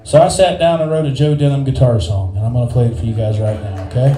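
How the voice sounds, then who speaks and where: Laid-back comic in a roomy bar. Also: male voice, mid-range voice, fast. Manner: laid-back, rambling storyteller with deadpan punchlines. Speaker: stand-up comedian and singer-songwriter. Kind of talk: stand-up comedy storytelling. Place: small bar stage with a live audience. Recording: roomy bar sound with guitar playing. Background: acoustic guitar.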